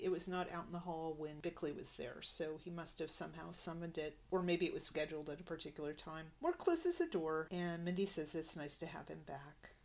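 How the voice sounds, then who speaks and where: A woman hosting a podcast, recapping a sitcom episode in a conversational way and reading out quotes. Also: fairly low pitch. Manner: conversational, narrates scenes and reads quotes. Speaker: podcast host.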